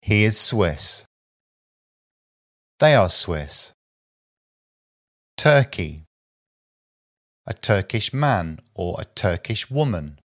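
A man reading a vocabulary list aloud as a language teacher, with slow, deliberate enunciation of single words and short sentences. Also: on the low side, big pitch swings, a bit bright.

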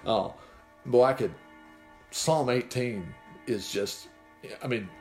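A man's voice: medium pitch, slow, soft background music. A man preaching an informal sermon, reading scripture aloud with folksy, chuckling asides. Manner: animated and folksy, chuckling asides between read verses.

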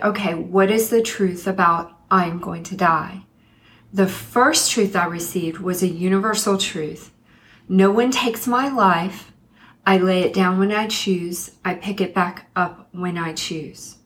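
Middle-aged woman, spiritual teacher, earnest storyteller who slows down for emphasis, mid-pitched voice. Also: a bit bright. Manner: earnest, slows down to stress key points. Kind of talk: personal storytelling monologue.

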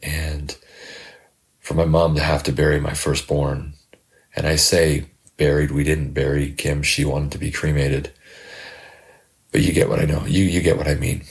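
This middle-aged life coach and podcast host has a bass voice with vocal fry and a level tone. He reflects in a heartfelt but halting way, often saying words twice.

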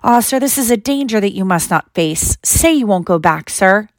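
A woman's voice: mid-range voice, expressive, moderate pace, no room sound, studio quality, close to an everyday voice. A woman voicing an anxious, servile male house-elf who speaks of himself in the third person, reading a storybook aloud. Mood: pleading.

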